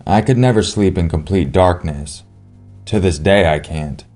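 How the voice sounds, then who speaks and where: A man giving a slow, solemn scripted narration of a true horror story. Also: low voice, a little mellow, soft background music.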